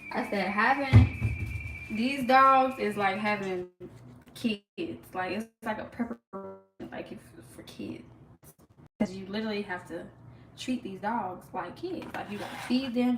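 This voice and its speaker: A young woman, hosting a casual live stream from her kitchen, animated and full of "like" fillers. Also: medium pitch, noisy background. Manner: chatty and animated, lots of "like" fillers, laughs often. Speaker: livestream host. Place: home kitchen.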